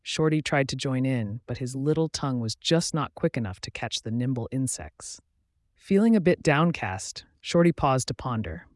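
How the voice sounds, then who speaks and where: A man reads a children's story aloud in a gentle, lilting storybook manner. His voice sits at an ordinary middle pitch. The recording is dry and close, with no room sound. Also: animated, normal speed, no room sound.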